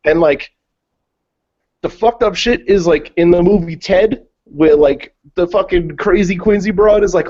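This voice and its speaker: A man's voice: high-pitched, normal speed, a little mellow. A man from Massachusetts with a Boston accent, telling rambling, profane stories on a call. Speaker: panelist. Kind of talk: casual call chat. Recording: dull, muffled call audio.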